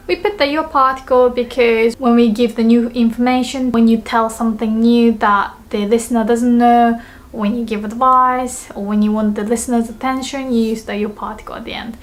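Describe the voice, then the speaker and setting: Woman language teacher, fairly high voice, careful slow examples, lesson. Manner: slow, careful model sentences.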